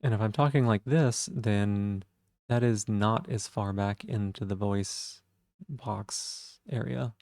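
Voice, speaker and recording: A man with vocal fry, musing thoughtfully in casual live-stream chat. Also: on the low side, fairly even intonation, a little slow, darkish tone, no room sound, clean studio sound. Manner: thoughtful, musing, self-reflective.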